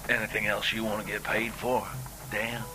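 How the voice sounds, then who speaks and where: An actor playing a gruff, cool-headed outlaw in a western film, speaking in a low, breathy half-whisper. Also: male voice, level tone, normal speed, close to an everyday voice. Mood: dry, taunting. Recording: film clip with loud background noise.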